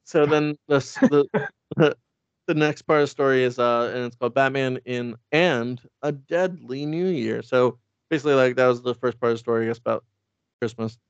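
A man's voice: mid-range voice, normal speed, smooth, dry recording. A man casually recapping a story as a podcast co-host, rambling, cursing and saying "like" a lot. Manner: rambling, profane, full of "like". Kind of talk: casual chat. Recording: dry, slightly dull recording.

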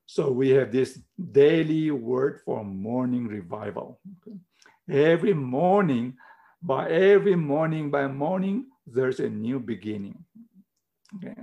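A man's voice: medium pitch, animated, measured pace, gravelly, dull audio. A middle-aged man preaching a sermon in earnest, emphatic, simple English, repeating his key words. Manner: non-native English, simple phrasing.

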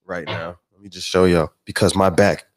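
A man speaking as a guest in a casual podcast chat, emphatic and slangy, quick to laugh. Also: low-pitched, steady tone, a crowd in the background.

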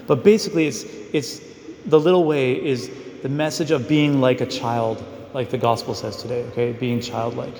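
A man's voice: mid-range voice, creaky, a little mellow, a little hiss or hum. A male priest giving a casual, story-driven homily, full of fillers as he talks to the congregation. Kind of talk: conversational mission homily. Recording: echoey hall with long reverb.

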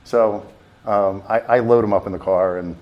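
A man telling a long story in an interview, rambling and animated with many restarts. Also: on the low side, normal speed, highs cut off. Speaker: festival volunteer driver.

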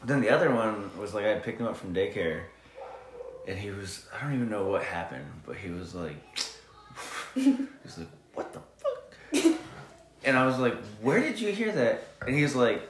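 A man, a dad and podcast guest, telling family stories in an animated, laughing way. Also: on the low side, brisk, a little hiss or hum. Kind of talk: casual interview chat. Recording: echoey room.

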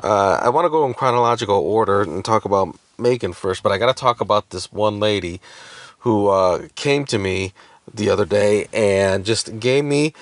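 A man's voice: fairly low pitch, moderate pace, no echo. A man rambling through a casual podcast chat, joking and full of fillers. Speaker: podcast co-host.

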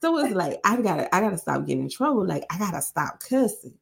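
Woman, 30s, South Carolina Southern accent, big voice, animated emphatic storyteller for a casual podcast. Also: fairly low pitch, fast talker, creaky. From Greenwood, South Carolina. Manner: animated, emphatic, repeats lines for effect. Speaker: podcast co-host.

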